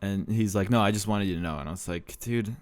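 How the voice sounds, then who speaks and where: A young man with a low voice tells a casual podcast story. He rambles, swears freely and laughs at himself, recorded dry and close with no room sound. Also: quick pace, darkish tone, no room sound. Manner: rambling, profane, self-deprecating, laughs often. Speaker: podcast host.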